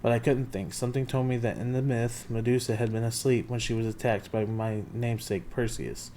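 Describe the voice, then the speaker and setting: A man's voice: medium pitch, steady tone, fairly quick, dark tone. Male reader, plain storytelling, faint hum in the background. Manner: plain storytelling with occasional slips and restarts. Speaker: narrator. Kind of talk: amateur audiobook reading.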